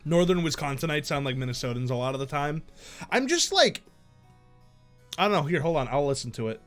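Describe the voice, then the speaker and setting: A man's voice: on the high side, very animated, a little fast, a bit bright, soft background music. A man streaming a game live, thinking aloud in casual, profane chat.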